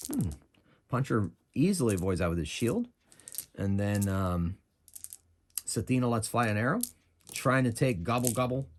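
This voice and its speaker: A man's voice: mid-range voice, a little hiss or hum. A man running and narrating his own solo tabletop game, chatting and thinking aloud about rules and dice rolls.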